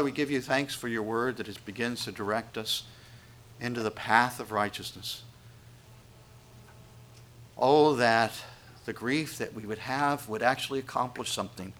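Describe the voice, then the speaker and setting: Reading scripture in his sermon, a medium-pitched male pastor swings between hushed, intimate moments and loud, raised appeals.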